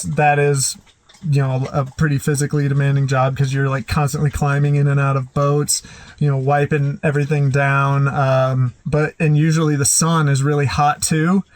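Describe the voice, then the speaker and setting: A tired man filming a casual vlog about his work day, talking in a relaxed, rambling way full of fillers and restarts. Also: on the high side, no echo. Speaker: work camper vlogger.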